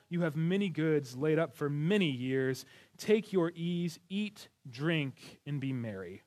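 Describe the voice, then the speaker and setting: A man's voice: on the high side, animated, a little slow, a little mellow. A man preaching a sermon as a pastor, talking to his congregation in an earnest, conversational way. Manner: conversational, earnest, with restarts and light laughs.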